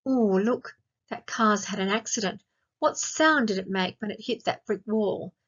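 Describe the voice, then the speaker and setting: An Australian woman teaching a grammar lesson to young children, speaking slowly and clearly and asking lots of questions. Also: medium pitch, fairly bright tone. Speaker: primary school teacher. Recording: dull lo-fi sound.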